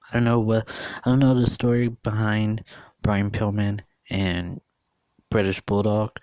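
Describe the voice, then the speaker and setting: Slow, low-voiced earnest man in his thirties. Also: darkish tone, no echo. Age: 30s. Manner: repetitive, questioning, earnest. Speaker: vlogger. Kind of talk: casual opinion monologue.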